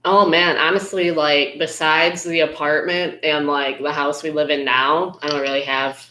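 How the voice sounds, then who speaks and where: A woman's voice: low-pitched, level tone, normal speed, sharp tone. Chatty woman in an echoey room. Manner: easygoing, chatty, with filler words. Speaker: podcast co-host. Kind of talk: casual storytelling chat.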